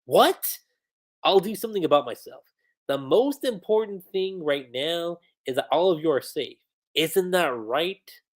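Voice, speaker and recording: A gruff old vice admiral, read aloud by a woman gives his orders plainly and with authority. The voice is low and lively, and the woman barely changes it from her own. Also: a little slow. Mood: commanding.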